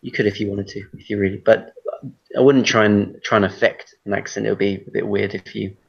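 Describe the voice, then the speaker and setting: A British man teaching an online English class, relaxed and hesitant, with many fillers and restarts, heard over a video call. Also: on the low side, brisk, creaky, slightly rough. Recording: muffled lo-fi call audio.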